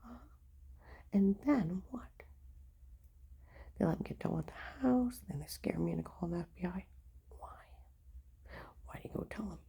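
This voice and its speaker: Woman vlogger, dark husky whisper, rambling to camera. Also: fairly low pitch, normal speed, long pauses, rough recording. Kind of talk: rambling monologue.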